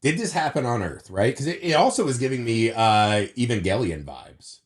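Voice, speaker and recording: A man's voice: medium pitch, sing-song, normal speed. A man co-hosting a podcast, ranting about a movie in casual, profane chat and sore from surgery wounds. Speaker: podcast co-host.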